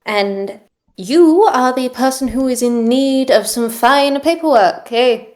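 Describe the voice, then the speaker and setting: A woman's voice: sits high, takes it slowly, darkish tone. A woman voicing a poised older female monkey detective and mother, dry and self-assured in manner.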